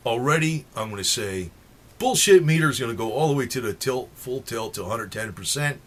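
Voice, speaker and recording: A man's voice: medium pitch, lively intonation, moderate pace, fairly bright tone. A man with a New Jersey accent rambling in a monologue to his viewers, swearing freely and chuckling between points. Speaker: political vlogger.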